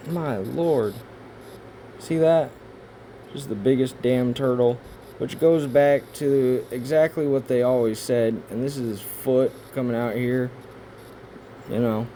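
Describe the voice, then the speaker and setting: A man of middle pitch talks casually over a set of images, cursing freely and jumping between rambling asides and loud, excited outbursts. A faint hum of room noise sits behind his voice. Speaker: video creator.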